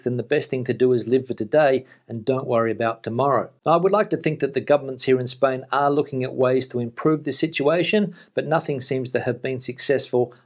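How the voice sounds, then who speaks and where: A middle-aged man with a mild Australian accent sits at his computer and talks to the camera. His pitch sits in the ordinary middle range, and his delivery is relaxed and conversational as he answers viewers one by one. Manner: relaxed, conversational, reads comments aloud then replies. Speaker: vlogger. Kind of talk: casual vlog reading and answering viewer comments. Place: home office at a computer. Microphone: camera-facing setup.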